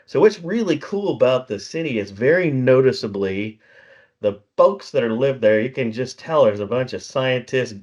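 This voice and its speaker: A man's voice: mid-range voice, animated, normal speed, a little mellow. A middle-aged man co-hosting a podcast in casual chat, a rambling storyteller who chuckles often and acts out bits of dialogue. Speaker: podcast co-host. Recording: slightly dull lo-fi recording.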